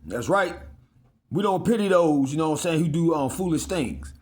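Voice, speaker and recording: A man preaching in an informal sermon, reading old scripture slowly and emphatically and breaking into slangy asides. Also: on the high side, animated.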